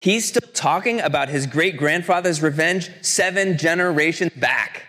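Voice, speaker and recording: A man preaching a sermon as pastor, telling a story earnestly and slowing down for quotations. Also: a little high, expressive, bright, forceful tone. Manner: earnest storytelling, slows for quotes. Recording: long church reverb.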